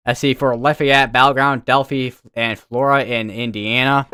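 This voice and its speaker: A man's voice: medium pitch, flat delivery, moderate pace, sharp tone, clear, resonant tone. A young man from the United States hosting a casual weather livestream from his room, rambling and correcting himself as he talks. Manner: rambling, chatty, self-correcting. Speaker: weather stream host. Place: home room with green screen.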